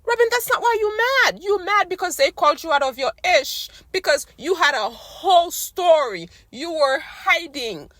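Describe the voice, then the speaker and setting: A woman's voice: very high voice, expressive, moderate pace, few pauses, fairly bright tone, no echo, clean studio sound. A woman ranting casually to her viewers in a blunt, slangy, exasperated way while she is losing her voice. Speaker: recap vlogger. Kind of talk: casual rant to camera.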